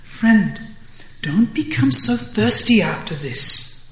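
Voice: mid-range voice, sing-song, takes it slowly, a bit bright. A storyteller voicing a joking young priest boy who teases his friend, with a lifted, teasing delivery. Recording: roomy echo.

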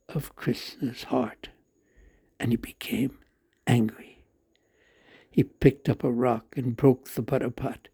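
A man reading a devotional story aloud at a measured pace, with slow pauses and the odd self-correction. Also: medium pitch, mellow.

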